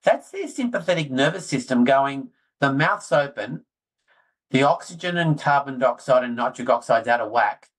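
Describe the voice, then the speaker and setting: A middle-aged man, talking excitedly as a guest in a casual interview. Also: medium pitch, moderate pace, rough recording. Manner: excitable, animated storyteller, self-deprecating. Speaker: guest orthodontist.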